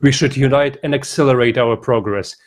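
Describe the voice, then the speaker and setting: A man giving an earnest, deliberate formal speech at a conference. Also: mid-range voice. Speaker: conference speaker. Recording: speech over audible crowd. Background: crowd.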